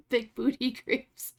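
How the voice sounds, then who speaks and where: A woman's voice: sits high, fairly even intonation, very slow, creaky. A woman streamer chatting casually with her live chat while she edits photos. She rambles along, fills her talk with "like" and laughs easily.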